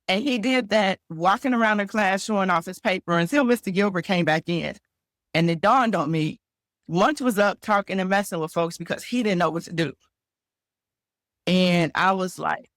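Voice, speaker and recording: Woman, teacher guest, anecdotal and expressive, dry booth sound. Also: on the low side, moderate pace, dry recording. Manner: vivid anecdotes with acted-out quotes. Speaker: educator guest. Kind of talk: storytelling interview talk.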